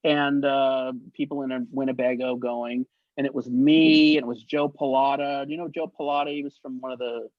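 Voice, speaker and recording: A man, an actor and effects artist appearing as a guest in a casual storytelling interview, speaks with a medium pitch at a moderate, animated pace with few pauses. He tells lively anecdotes, acts out quoted voices and laughs often. The recording is dull, muffled and lo-fi, with no room sound.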